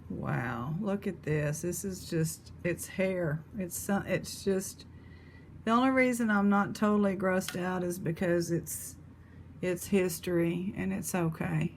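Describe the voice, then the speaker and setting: Here a woman going through a box of old jewelry talks casually to her audience and to her pet as a jewelry reseller host. Her voice is lowish and slow, and there's slight background noise.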